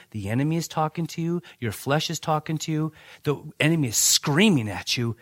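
Male pastor, slightly higher voice, chatty storytelling sermon, dry close recording. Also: no room sound. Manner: conversational preaching with anecdotes, frequent restarts.

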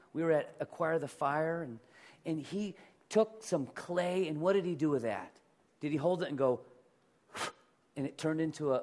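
A man's voice: on the high side, a little mellow. A middle-aged male pastor preaching a sermon in a conversational way, asking the congregation to repeat words after him.

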